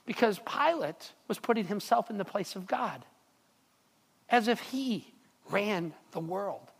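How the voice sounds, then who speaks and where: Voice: mid-range voice, animated, slow, creaky, breathy edge. Pastor preaching in a reverberant hall. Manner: conversational, repeats words, checks in with the audience. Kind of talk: sermon. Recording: long reverb of a large hall.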